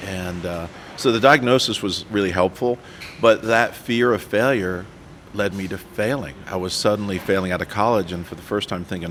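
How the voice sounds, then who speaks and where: A man with a low voice sits in as a podcast guest and tells his story with animated energy. He pokes fun at himself and acts out the lines people said to him, with a faint hiss under the recording. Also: moderate pace. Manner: self-deprecating. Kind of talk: storytelling interview.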